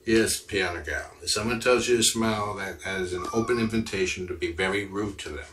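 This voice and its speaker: Man, livestream host, low pitch, bright tone, casual, answers viewer comments. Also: a little fast, a little hiss or hum. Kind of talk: casual chat with live viewers.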